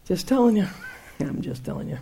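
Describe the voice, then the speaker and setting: A middle-aged woman teaching about faith in a chatty, animated way, laughing often and acting out her own outbursts. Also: medium pitch, fairly quick, vocal fry, faint music behind. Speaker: Christian teacher. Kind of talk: conversational Bible teaching.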